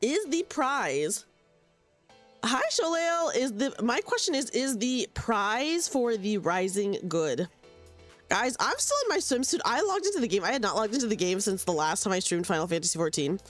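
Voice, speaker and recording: A woman's voice: a little high, sing-song, normal speed, faint music behind. A young woman live-streaming a game, chatting casually and giggly with her viewers. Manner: chatty, giggly, talks to chat with many restarts. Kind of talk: casual live-stream chat while playing.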